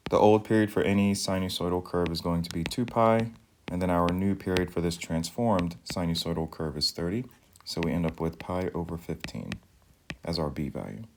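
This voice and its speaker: A man, a math teacher, explaining step by step in a calm, methodical recorded video lesson. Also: low-pitched, moderate pace, slight background noise.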